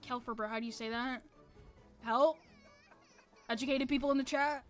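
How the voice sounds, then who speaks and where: A woman's voice: high-pitched, steady tone, moderate pace, soft background music. A woman streaming a game, chatting casually with a loose, profane, self-mocking manner. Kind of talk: casual live-stream chat.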